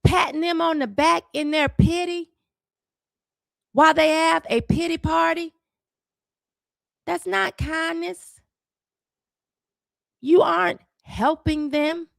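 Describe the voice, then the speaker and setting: High-pitched gravelly woman scolding. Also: steady tone, takes it slowly, pauses often, dry recording, clean studio sound. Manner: scolding, sarcastic, preachy; repeats words when fired up. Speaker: social commentator. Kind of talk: opinion monologue.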